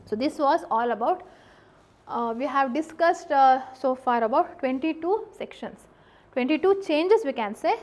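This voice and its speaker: A woman's voice: sits high, expressive, measured pace, darkish tone. A woman with an Indian English accent giving an exam-prep law lecture, explaining points carefully and repeating key ones, with frequent fillers.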